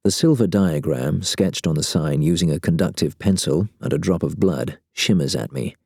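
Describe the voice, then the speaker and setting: A man narrating a first-person story in a wry, deadpan way. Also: rumbling low, moderate pace, creaky, breathy edge, no room sound, clean studio sound.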